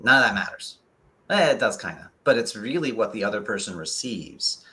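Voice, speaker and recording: A man who is a guest consultant on a live talk show, speaking with excitement and drive, racing ahead and then deliberately slowing down to press his points. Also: fairly low pitch.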